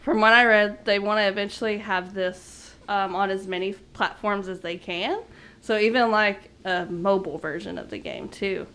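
A woman's voice: mid-range voice, fairly even intonation, moderate pace, fairly bright tone, clean tone. A woman co-hosting a gaming podcast, chatty and bubbly, laughing often. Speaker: podcast co-host. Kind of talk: casual chat.

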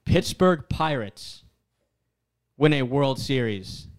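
A man's voice: mid-range voice, animated, takes it slowly, clear, resonant tone. A man co-hosting a casual sports chat, teasing the others and laughing easily. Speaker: podcast co-host.

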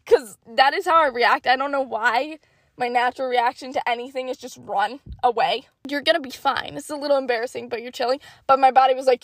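18 yr old girl storytelling, super animated and dramatic, high voice, dry sound. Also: a little fast, no echo. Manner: animated, dramatic, acts out her own thoughts in hushed asides. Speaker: vlogger. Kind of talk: casual storytelling.

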